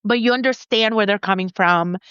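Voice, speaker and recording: A woman author being interviewed in a casual chat, talking in an animated, confident way and laughing often. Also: mid-range voice, fairly quick, clean tone, no echo. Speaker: author guest. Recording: dull lo-fi dry sound.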